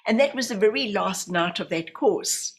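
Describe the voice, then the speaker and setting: Here a medium and hypnotherapist with a New Zealand accent, in her fifties, tells personal stories in a podcast interview at normal speed and a mid-range pitch. Her storytelling is lively, and she performs the voices of the people she quotes.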